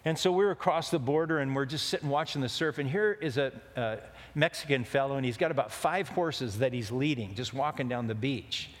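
A man's voice: mid-range voice, brisk, few pauses. A man preaching a sermon, telling a rambling, joking story in a folksy way. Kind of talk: sermon with a told anecdote. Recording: long hall reverb.

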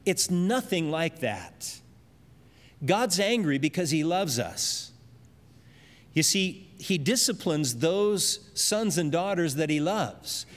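A man's voice: a little high, very animated, slow pace, long reverb tail. A man preaching an expository sermon, earnestly explaining scripture verses with everyday examples.

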